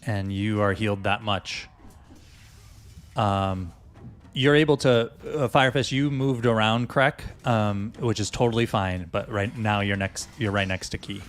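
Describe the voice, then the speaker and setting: A man's voice: on the low side, a little slow, a little hiss or hum. A man running a tabletop game as game master, patiently explaining the rules step by step.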